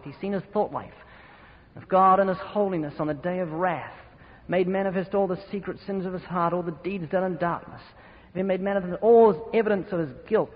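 A man preaching a sermon, emphatic and forceful, with sudden loud swings in volume. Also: sits high. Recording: dull reverberant hall recording.

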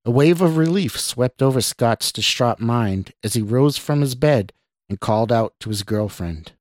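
Male host-narrator for a horror podcast, steady mid-range read, dry sound. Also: mid-range voice, moderate pace, dry recording.

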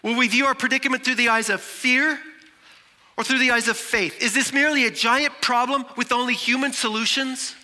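A man preaching a sermon with dramatic delivery, shifting between loud and soft. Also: very high voice, steady tone, brisk, in a large hall. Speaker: pastor.

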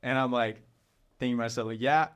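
A man's voice: mid-range voice, fairly quick, clear, resonant tone. A young man casually telling a story in a chat, rambling and filling it with "like" as he retells what happened. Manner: rambling, lots of "like", animated retelling. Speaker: storyteller guest.

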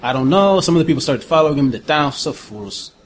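A man voicing a chatty old village woman with a put-on Russian accent, halting and hunting for words. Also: fairly high pitch, lively intonation, a little hiss or hum, close to an everyday voice. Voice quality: rambling, halting, hunts for words.

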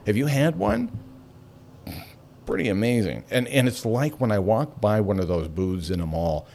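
A man hosting a radio talk show, chatty and animated, laughing between points. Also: on the low side.

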